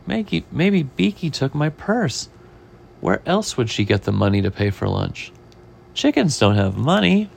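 Storybook figure: a fretful woman chicken-owner, voiced by a male reader, higher and lively. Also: creaky, full character voice. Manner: worried, exclaiming.

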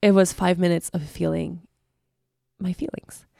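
Her voice is fairly low, steady, and creaky, with a warm tone and an unhurried pace. She's a podcast host in a reflective monologue, openly searching through her feelings. She keeps restarting and saying "you know" as she circles back, all captured in a dry, studio-quality recording.

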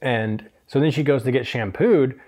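A man's voice: mid-range voice, moderate pace, a little mellow. A young man casually telling a self-deprecating anecdote, acting out the voices of people in it. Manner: chatty, self-deprecating, acts out quoted voices. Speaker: hairstylist podcast host.

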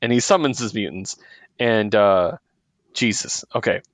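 A lowish male voice with lively intonation keeps a measured pace, recorded with no echo. As a podcast co-host, he gives casual comic book recaps, laughing often and acting out the characters' lines.

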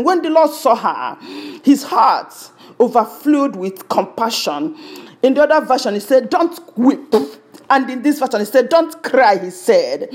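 A woman preaching a sermon, fervent, with lots of repetition. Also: on the high side.

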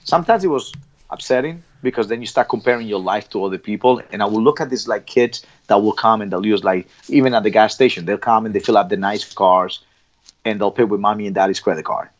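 A man's voice: lowish voice, fast talker. A middle-aged man from Colombia with a Colombian accent, speaking bluntly as an interview guest, swearing freely and often restarting his sentences. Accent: Colombian Spanish. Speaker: guest, former Olympic athlete. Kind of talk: casual interview talk. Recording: dull lo-fi sound.

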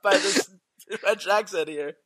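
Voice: mid-range voice, normal speed. A podcast co-host in casual, argumentative chat about esports betting. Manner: animated, argumentative.

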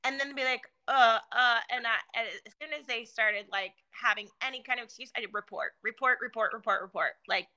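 A woman chats casually and tells her stories with lots of energy. Her tone is very bright, her pitch sits a little high, and she piles on fillers and restarts as she talks. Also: brisk, few pauses, lo-fi sound. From California. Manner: chatty, animated storytelling with many fillers and restarts. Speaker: guest. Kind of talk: casual conversation.

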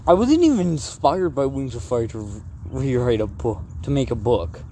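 A man's voice: medium pitch, sing-song, moderate pace, mellow. An easygoing man co-hosting a casual chat, rambling as he explains his plans. His delivery rises and falls a lot. There is a faint noise in the background. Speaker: co-host.

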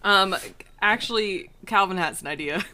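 A woman's voice: mid-range voice, normal speed, pushed and bright. A woman playing a tabletop role-playing game, laughing and eager. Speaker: player. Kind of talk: casual tabletop play.

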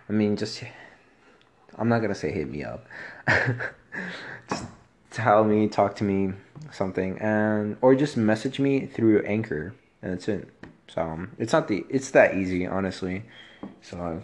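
A man hosting a casual solo podcast, with a soft, low voice and a rambling, profane, laid-back way of talking. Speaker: podcast host.

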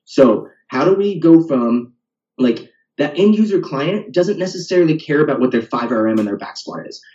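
A man's voice: mid-range voice, mellow. A man, a fitness coach, talking casually on a podcast and ending his points with "right?". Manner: talkative, ends points with "right?". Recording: roomy, distant, dull lo-fi sound.

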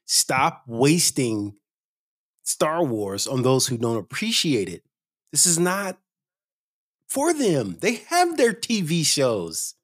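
A man's voice: on the high side, wildly swooping pitch, takes it slowly, no echo, studio quality. A man hosting a casual podcast, opinionated and emphatic when he gets going. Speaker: podcast host.

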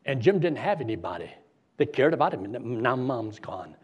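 Husky folksy preacher telling a story. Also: male voice, mid-range voice, big pitch swings, normal speed. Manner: folksy, vivid storyteller with rising and falling intensity. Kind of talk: sermon storytelling. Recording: dull lo-fi recording.

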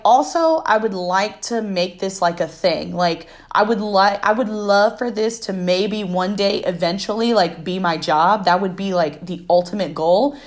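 A young adult woman hosting a podcast, telling a story in a heated, profane, emphatic casual rant. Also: mid-range voice. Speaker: podcast host.

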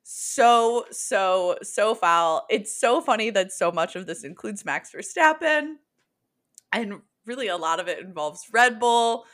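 A young woman co-hosting a laid-back podcast. She talks in an animated way and breaks into laughter often. Her voice sits at a middle pitch. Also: a little slow. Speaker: podcast co-host. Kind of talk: casual chat.

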